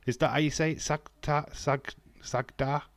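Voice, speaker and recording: A man's voice: a little high, flat delivery, normal speed, no room sound. Chatty guy on a live stream. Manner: chatty and self-mocking, laughs often. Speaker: streamer hosting a wrestling watch-along. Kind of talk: casual live-stream chat with viewers.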